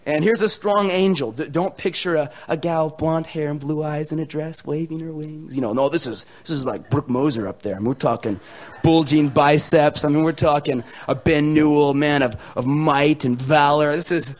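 Animated young American man preaching. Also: a little high, normal speed. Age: young adult. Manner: animated, joking, swings between loud and hushed. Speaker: pastor. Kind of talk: sermon. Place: church hall with a live audience.

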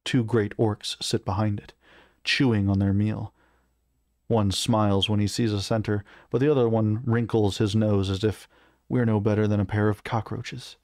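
A man reading a fantasy novel aloud in steady first-person narration, with a few small stumbles. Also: lowish voice, moderate pace, dry recording, clean studio sound. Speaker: reader of a novel.

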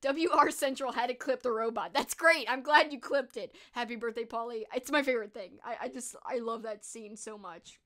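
A woman's voice: a little high, moderate pace, hardly any pauses, pushed and bright. A young woman streamer chatting casually and reading out viewer comments, gushing and full of fillers.

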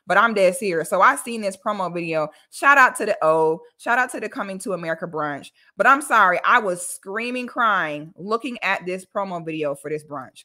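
A woman from Florida hosting a casual commentary livestream, talking bluntly and animatedly with loud exclamations. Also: mid-range voice, animated, fairly quick, few pauses. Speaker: livestream host.

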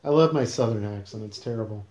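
A man's voice: on the low side, fast talker, darkish tone, echoey room. A man hosting a casual podcast, questioning his guest in a teasing, mock-serious way. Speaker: podcast host.

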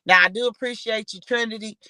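A woman's voice: a little high, fairly even intonation, fast talker, bright, forceful tone, dry recording, poor audio. A woman hosting a casual livestream, talking bluntly and swearing freely as she scolds her guests. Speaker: livestream host.

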